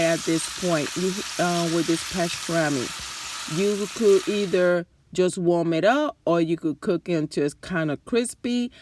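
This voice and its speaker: Unhurried, chatty woman cooking at home. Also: fairly low pitch, slight background noise. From New Jersey and New York area. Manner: chatty, enthusiastic, addresses viewers directly. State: losing her voice. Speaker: cooking channel host. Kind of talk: casual cooking demonstration. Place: home kitchen at the stove.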